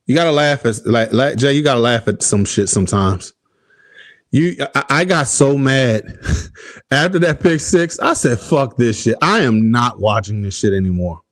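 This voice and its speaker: A man's voice: medium pitch, moderate pace, no echo, studio quality. A man hosting a casual sports talk show, ranting with heavy profanity and laughing at his own frustration. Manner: profane, exasperated, laughing at himself. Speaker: podcast host.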